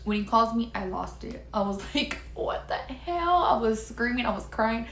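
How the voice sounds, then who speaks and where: A woman telling viewers her own story in a casual, emphatic and animated way. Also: fairly high pitch, moderate pace, gravelly. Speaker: storyteller sharing her experience. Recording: roomy recording with faint background hiss.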